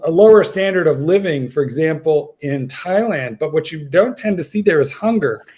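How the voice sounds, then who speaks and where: A man's voice: on the high side, animated, moderate pace, darkish tone, slightly rough. A man, a dog trainer, chatting on a livestream panel over a video call, telling stories in a rambling way with many restarts. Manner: rambling, storytelling, frequent restarts. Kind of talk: casual panel chat.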